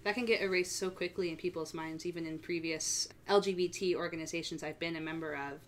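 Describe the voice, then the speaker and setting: A young adult woman telling her own story as a podcast guest, relaxed and chatty with many fillers. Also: fairly low pitch, quick pace. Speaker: guest sharing a coming-out story. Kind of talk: casual podcast conversation.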